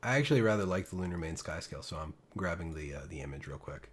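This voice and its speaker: A man's voice: deep voice, lively intonation, fast talker, husky. A young man co-hosting a casual gaming podcast, chatting and reading news items aloud. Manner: reads news items aloud in a mock news anchor voice. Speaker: podcast co-host.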